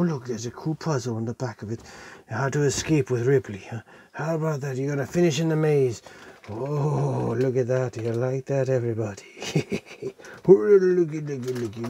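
A man's voice: mid-range voice, fairly even intonation, brisk, slightly rough. A man hosting an unboxing vlog in a theatrical, showman-like way, playfully hamming it up for the audience and now and then slipping into mock-pirate phrasing. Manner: showman-like, addressing the audience as ladies and gentlemen. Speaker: toy and cereal reviewer.

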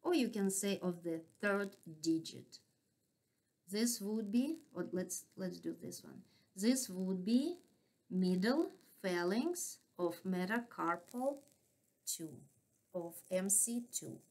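A woman with a non-native English accent, lecturing on anatomy at an unhurried pace. She names each part slowly and keeps asking if the class is following. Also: medium pitch, animated, a little mellow. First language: not English. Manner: patient, checks in with frequent "right?". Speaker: anatomy instructor.

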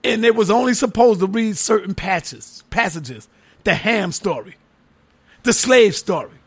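A man giving a heated, profane preaching-style lecture, mocking his critics and often shouting for emphasis. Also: high-pitched, animated, measured pace, breathy edge. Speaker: religious lecturer.

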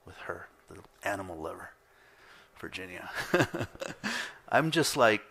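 Middle-aged man, pastor, sermon delivery, lively storytelling, bright tone. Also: low-pitched, slow, vocal fry, breathy edge. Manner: animated storytelling, acting out his own reactions with laughs. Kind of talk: sermon with personal stories. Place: church.

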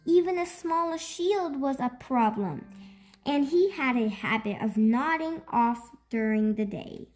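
A woman hosting a storytime, reading a children's picture book aloud in an expressive, slow storytelling manner. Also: high-pitched, soft background music. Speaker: storytime host.

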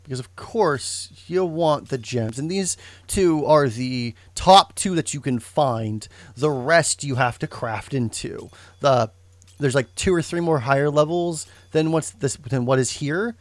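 Pitched fairly high and paced in a measured way, this young man's voice comes through with no room sound. He gives loose, wandering commentary on the game he's streaming, fixing his own slips and adding joking asides.

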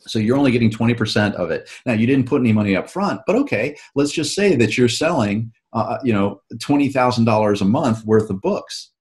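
A man's voice: mid-range voice, lively intonation, fairly quick, hardly any pauses, darkish tone. A man, an author and show host, talking casually in an interview and explaining at length with frequent restarts.

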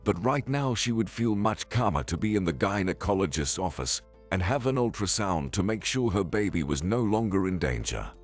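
A man narrating a scripted story in an even, measured way. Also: deep voice, faint music behind.

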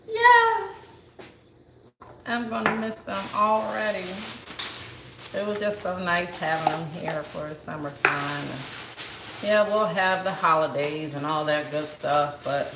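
Woman cooking host on a livestream, tearful and chatty, lively pitch; roomy, noisy kitchen sound. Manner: emotional and tearful, calls viewers y'all. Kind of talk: casual chat to viewers. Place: home kitchen. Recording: echoey room with background noise.

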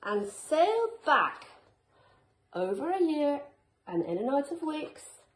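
A woman teacher reads a picture book aloud to children, drawing out every phrase slowly and expressively. Her voice sits fairly high and echoes around a school classroom. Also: a little hiss or hum. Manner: slow, expressive storytelling. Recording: echoey room.

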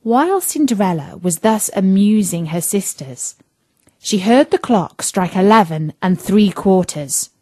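A woman reading a classic fairy tale aloud for children, deliberate and expressive. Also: medium pitch, dry recording. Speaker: storyteller.

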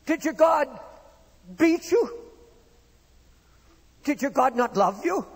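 Man preaching, very high voice, gravelly, long hall reverb, impassioned and dramatic. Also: expressive, slow pace. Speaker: pastor. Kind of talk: sermon.

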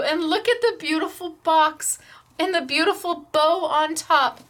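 A middle-aged woman hosting a craft class from her store, gushing and emotional over handmade gifts, laughing often and talking slowly and fondly. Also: sits high, expressive, fairly bright tone. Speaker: craft store owner and host. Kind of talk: unboxing and showing crafts on a class video.

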